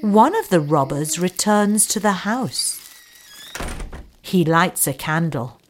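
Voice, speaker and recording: A woman narrating a children's story in slow, clear, simple phrasing. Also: lowish voice, expressive, slight background noise. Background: music.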